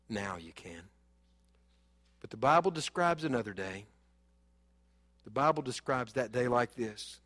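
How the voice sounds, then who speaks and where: A man preaching a sermon, animated, swinging between loud urging and low asides. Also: unhurried, long pauses. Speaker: pastor. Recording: long reverb of a church hall.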